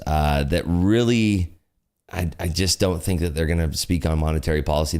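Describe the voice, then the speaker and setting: A man hosting a trading livestream, talking in a rambling, laid-back way with lots of fillers. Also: low-pitched. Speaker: futures trading livestream host. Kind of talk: casual livestream commentary.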